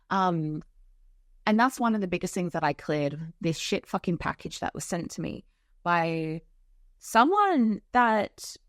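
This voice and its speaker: A young woman hosts a podcast, chatting casually and frankly about spiritual topics while swearing freely and leaning on lots of fillers. Her mid-range voice is recorded with studio quality and no echo.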